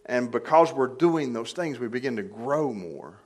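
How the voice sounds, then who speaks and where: A man's voice: mid-range voice, animated, a little slow, husky. An older man preaching a sermon in a church, plainly conversational with light humor, rising to emphatic peaks on key points. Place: church sanctuary.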